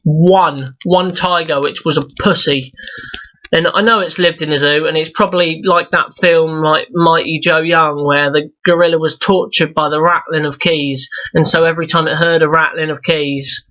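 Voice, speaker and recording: A man's voice: on the high side, steady tone, normal speed, pushed and bright, lo-fi sound. A young man ranting in a profane, rambling review vlog, exasperated and full of restarts. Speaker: YouTube reviewer.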